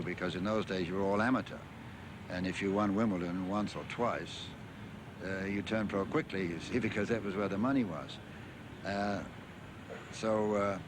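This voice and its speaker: An older English man, a former tennis champion, recalling his career in a rambling interview full of fillers and restarts. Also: deep voice. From England. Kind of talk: interview reminiscence. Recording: archive interview with clear background noise.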